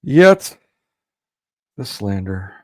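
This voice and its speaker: A man's voice: fairly low pitch, very animated, extremely slow, no room sound, clean studio sound. A man hosting a commentary video, reacting to clips in a heated, indignant rant full of rhetorical questions.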